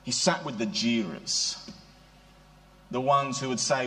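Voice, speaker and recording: A man's voice: mid-range voice, slow pace, pauses often, fairly bright tone. A middle-aged man preaching a sermon in a conversational way, often putting rhetorical questions to his listeners.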